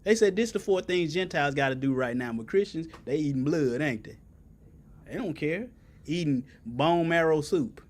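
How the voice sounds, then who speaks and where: A man's voice: on the high side, animated, moderate pace. A man preaching a sermon in folksy vernacular, asking the congregation for answers and building to emphatic peaks.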